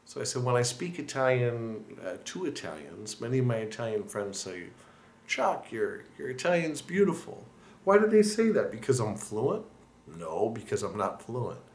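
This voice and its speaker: A man's voice: mid-range voice, big pitch swings, moderate pace, a little mellow, echoey room. A man with an American accent giving earnest, conversational tips to learners as a lesson host. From United States. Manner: earnest, conversational, with restarts and asides. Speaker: language-learning video host. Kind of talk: encouraging talk to camera.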